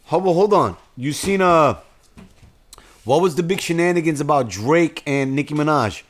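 A man's voice: on the high side, expressive, normal speed. A man from the North Bronx with a Bronx accent, co-hosting a casual podcast, telling profane stories and joking around. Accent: Bronx New York. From North Bronx, New York. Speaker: podcast co-host.

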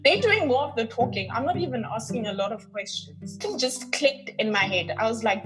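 Telling her own story on a podcast, this woman from South Africa's North West speaks with heartfelt emphasis, repeating words for weight. Her mid-range voice is lively and moves at an ordinary pace over background music, in a poor-quality recording.

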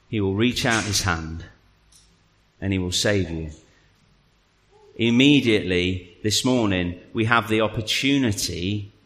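A man preaching a sermon to a congregation, telling the story with animated energy and then dropping to a quiet, earnest appeal. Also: on the low side. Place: church hall. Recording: long reverb of a large hall.

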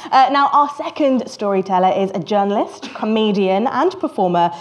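A woman's voice: medium pitch, expressive, normal speed, dull audio. A woman hosting a storytelling show and introducing guests in an upbeat way. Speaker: host. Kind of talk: introducing speakers.

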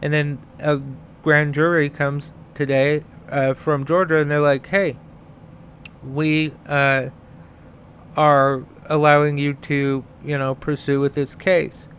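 A man's voice: on the high side, little pitch movement, slow pace, a bit bright, a little hiss or hum. Heated stuttering man ranting. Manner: profane and heated, repeats words while getting started. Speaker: podcast host. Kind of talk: angry political rant.

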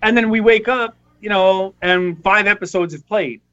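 A man's voice: high-pitched, normal speed, bright, forceful tone, smooth, muffled recording. A man in casual podcast chat, laughing at himself and admitting he is lost. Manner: self-deprecating, easily confused.

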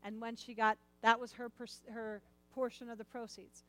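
A middle-aged woman telling a personal story in a sermon, animated and repeating words as she acts out lines. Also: a little high, normal speed, faint music behind, poor audio.

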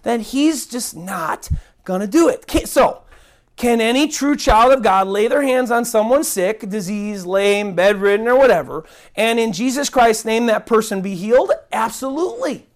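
A woman's voice: on the high side, lively intonation, moderate pace. Indignant woman giving a Bible teaching. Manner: indignant, emphatic, repeats words for stress. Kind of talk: earnest online Bible teaching.

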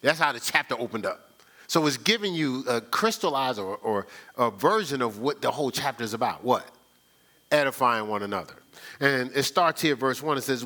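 Animated and at normal speed, a pastor's sharp, mid-range voice fills a church sanctuary as he delivers a chatty sermon. His storytelling is folksy and conversational, with frequent repetition.

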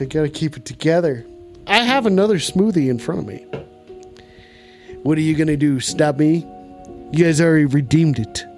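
A man's voice: fairly high pitch, normal speed, pauses often, a little mellow, soft background music. A man hosting a casual call-in show, talking in a put-on cowboy drawl and playing it up for laughs. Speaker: host of a call-in stream. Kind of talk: casual live call-in chat.

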